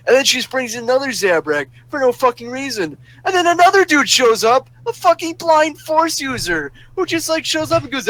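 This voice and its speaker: Man, high voice, exasperated, profane, ranting on voice chat. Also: sing-song, moderate pace, few pauses, a bit bright, low-quality recording. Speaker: voice chat participant. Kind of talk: ranting story on a voice call. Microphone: voice chat microphone.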